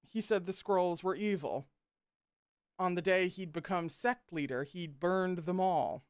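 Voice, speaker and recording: A read-along host reads a novel aloud, expressive and breaking off for joking asides. The voice is smooth and clear, mid-pitched, in a dry, close recording. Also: a little slow, dry recording.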